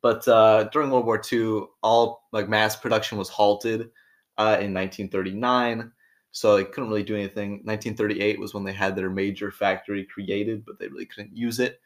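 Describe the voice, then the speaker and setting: A man's voice: fairly low pitch, little pitch movement, normal speed. A man co-hosting a casual podcast, laid-back, asking questions and tossing in slang. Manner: laid-back, asks questions, uses slang like bro and dude. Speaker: podcast co-host. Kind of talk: casual chat.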